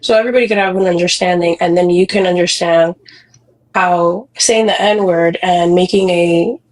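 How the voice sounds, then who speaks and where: A woman in a heated online debate, challenging the other guest and demanding answers. Her voice sits a little low, and her questions come sharp and insistent. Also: fairly even intonation, normal speed, poor audio. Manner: confrontational, pressing questions. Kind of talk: heated live-stream debate.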